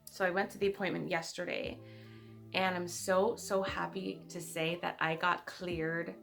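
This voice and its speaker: Woman, thirties, animated vlog storytelling, low-pitched bright voice, faint music behind. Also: unhurried, creaky. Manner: animated storytelling, acts out others' lines. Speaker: vlogger.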